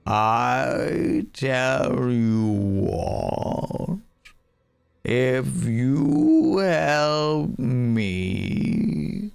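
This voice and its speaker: Croaking giant old turtle performed by a man, deep drawl, very slow, gravelly. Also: sing-song, dry recording, faint music behind, heavily acted. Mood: ponderous. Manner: very slow drawn-out croaking speech. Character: huge slow ancient male world turtle.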